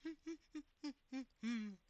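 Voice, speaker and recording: A woman's voice: high voice, extremely slow, a little mellow, no room sound. A woman streamer chatting casually while gaming, gushing, giggling and exclaiming often.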